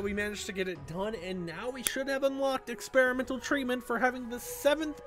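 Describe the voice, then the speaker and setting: A man giving jokey, animated gameplay commentary as a YouTuber, talking back at the game, with faint game music behind him. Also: extremely high pitch, fairly quick, few pauses. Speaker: gaming YouTuber.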